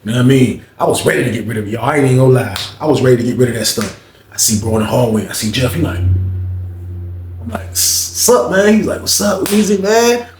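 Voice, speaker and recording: A man telling a story in a casual, slangy way, animated and acting out the dialogue. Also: medium pitch, fast. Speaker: storyteller recounting prison life. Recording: echoey room with faint noise.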